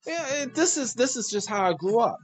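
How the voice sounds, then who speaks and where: A man hosting a casual monologue, preachy and animated, joking and laughing at his own lines. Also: very high-pitched, brisk, soft background music. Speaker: host.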